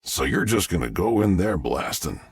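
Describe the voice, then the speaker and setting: A man's voice: low voice, sing-song, normal speed, breathy edge, dry recording, studio quality, exaggerated voice. A male narrator voicing a skeptical small-town sheriff who speaks bluntly.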